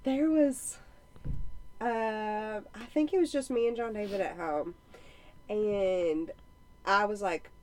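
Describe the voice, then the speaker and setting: A woman in her thirties telling funny family stories in casual chat, lively and then dropping quiet for asides. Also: medium pitch, slow, long pauses, slight background noise. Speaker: podcast co-host.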